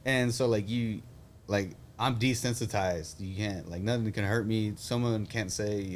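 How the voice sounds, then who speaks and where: A man's voice: fairly low pitch, animated, normal speed, a little hiss or hum. A young man, an Army veteran hosting a casual chat, telling blunt, profane stories with a laugh. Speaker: podcast host, Army veteran.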